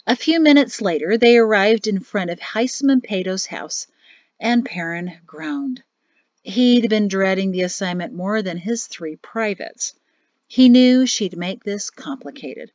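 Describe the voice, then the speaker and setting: A woman narrating an audiobook in a lively, expressive storytelling manner. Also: medium pitch, a little slow, no echo. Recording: dry, slightly muffled audio.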